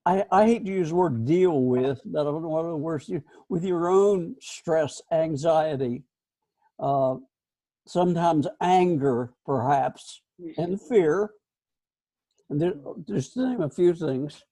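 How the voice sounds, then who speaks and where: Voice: mid-range voice, expressive, takes it slowly, mellow. An interviewer asking questions on a video call, hesitant and searching for words.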